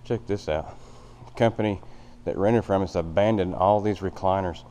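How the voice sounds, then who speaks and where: This vlogger's voice sits low and warm at a moderate pace as he gives a loose, rambling tour of a vast, empty old factory, shot handheld. He's out of breath and plainspoken, with plenty of fillers.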